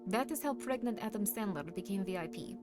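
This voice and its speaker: A woman hosting a casual livestream, chatting with viewers and reading their messages, teasing them playfully and at times pressing hard with loud, insistent demands. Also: medium pitch, expressive, fairly quick. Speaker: livestream host. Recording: stream with music playing underneath. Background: clear background music.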